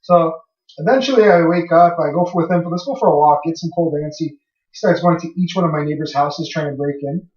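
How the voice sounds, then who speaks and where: Young male co-host, slightly high voice, loose swearing storyteller; dull lo-fi sound, distant from the mic. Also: fairly quick, a little mellow. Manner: rambling, swears freely, acts out his own past lines. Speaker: podcast co-host. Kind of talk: casual storytelling. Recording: echoey room, far from mic, dull lo-fi.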